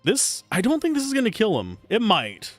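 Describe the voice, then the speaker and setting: A man's voice: high voice, normal speed, no echo, soft background music. A man casually commentating his game on a live stream, chatty and joking as he plays. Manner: animated, chatty, jokey asides. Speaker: streamer playing a video game.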